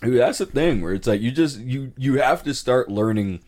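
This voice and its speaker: Cali guy on a podcast, lively swoopy voice, keeps saying and whatnot. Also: mid-range voice, normal speed. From California. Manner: animated storyteller, lots of "and whatnot", acts out quotes. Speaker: podcast co-host. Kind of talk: casual chat.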